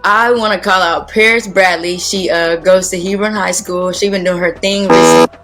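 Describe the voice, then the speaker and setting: A young woman answers interview questions in a low, relaxed voice, keeping her answers short. She is a guest athlete on a sports show. Faint music plays behind her. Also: moderate pace. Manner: laid-back, short answers.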